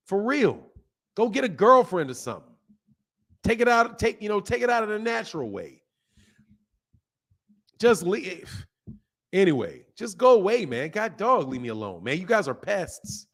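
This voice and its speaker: A man in his fifties hosting a boxing live stream, ranting at his chat in an animated, exasperated way. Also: high voice. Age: 50s. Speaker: boxing channel host.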